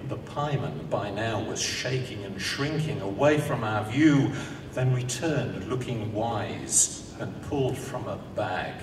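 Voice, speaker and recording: A man reciting comic verse and nursery-rhyme parodies with dry, deadpan delivery at an unhurried pace. He is heard from afar in a long, echoing hall. A clear rumble runs underneath. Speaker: comic performer. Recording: echoey hall from a distance, rumbling noise.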